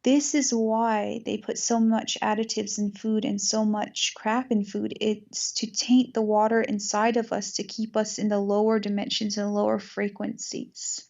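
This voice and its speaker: A woman's voice: mid-range voice, little pitch movement, a little slow, gravelly, few pauses, darkish tone, highs cut off. A woman hosting an interview, talking earnestly in long flowing runs in a casual spiritual conversation. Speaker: podcast host.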